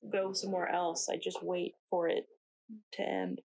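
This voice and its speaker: A young woman acting a shaken narrator in a dramatic monologue, speaking slowly and haltingly with long pauses. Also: fairly low pitch, flat delivery, vocal fry, a little mellow. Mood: haunted. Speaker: narrator recounting her own ordeal. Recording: distant mic with faint noise.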